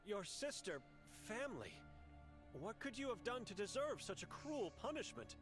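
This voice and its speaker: A man's voice: sits high, very animated, normal speed, a bit bright, faint music behind, voice pushed up. A man voicing an earnest young male monk who urgently questions people about his missing sister, reading game dialogue aloud on a live stream.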